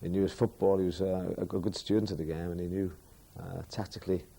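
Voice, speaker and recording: A man in a documentary interview, speaking haltingly with many pauses. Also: low voice, flat delivery, gravelly, mellow.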